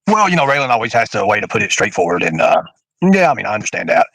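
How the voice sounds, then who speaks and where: A man's voice: fairly low pitch, big pitch swings, rapid-fire, creaky, a bit bright, no echo, rough recording. A man, a livestream host rambling in casual chat with fillers and restarts.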